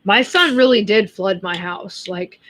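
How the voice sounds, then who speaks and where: A woman's voice: medium pitch, measured pace, a bit bright, slight background noise. A woman in her thirties with an American accent, chatting casually on a livestream, blunt and chatty and cursing freely. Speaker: livestream host reading chat. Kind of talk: casual chat.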